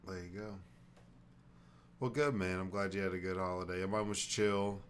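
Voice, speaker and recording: A man's voice: sits low, fairly even intonation, normal speed, a little hiss or hum. A man hosting a podcast in casual chat, laid-back, mostly reacting briefly and talking easily. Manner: laid-back, short reactions and easy remarks. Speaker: podcast host.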